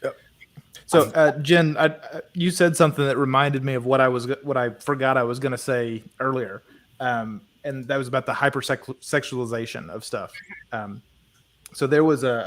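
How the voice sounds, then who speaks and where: A man guest in a casual group chat, speaking hesitantly with many fillers. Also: medium pitch. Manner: hesitant, lots of uhs and ums. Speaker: panel guest.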